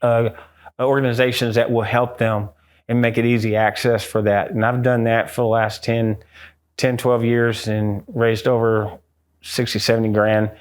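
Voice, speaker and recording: A middle-aged American man, a guest on an interview, telling a ghost story with lively acted-out quotes. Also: medium pitch, normal speed. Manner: acts out quotes in a raised excited voice.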